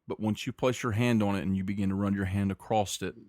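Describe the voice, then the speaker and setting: A man narrating as game master of a tabletop game, describing scenes in a measured way with frequent restarts. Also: lowish voice, steady tone, a little mellow, no echo, studio quality.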